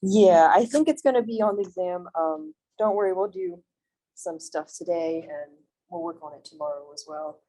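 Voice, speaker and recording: A woman's voice: lowish voice, moderate pace, mellow, low-quality recording. A young woman teaching a college math lecture in a classroom, friendly and reassuring, often checking in with the students. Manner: friendly, reassuring, asks frequent check-in questions. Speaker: math instructor. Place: classroom, also streamed on video call.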